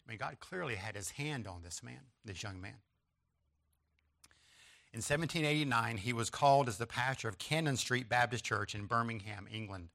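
A man delivering a sermon in a bright, forward voice of middle pitch. He drives points home through repetition, rising on each repeated phrase and dropping at its close. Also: normal speed, vocal fry. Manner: emphatic repetition with rising stress on key phrases; references an outline and slides to listeners. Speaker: preacher.

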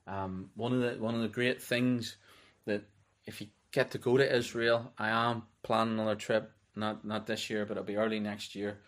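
A man teaching through a book of the Bible in a loose, conversational way. He reads scripture aloud with a slightly low voice and carries on with easy restarts. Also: flat delivery, normal speed, few pauses, a bit bright. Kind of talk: conversational sermon.

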